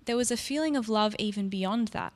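A woman narrates in the first person, speaking softly and reflectively in a mid-range voice. Her words trail into a long reverb, as if recorded in a large hall. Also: medium pitch, a little fast. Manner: soft, reflective, intimate. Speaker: storyteller. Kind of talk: first-person scripted storytelling.

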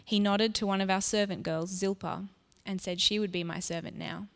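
A woman narrates in the first person, speaking softly and reflectively in a mid-range voice. Her words trail into a long reverb, as if recorded in a large hall. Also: medium pitch, steady tone, normal speed. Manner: soft, reflective, intimate. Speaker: storyteller. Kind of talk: first-person scripted storytelling.

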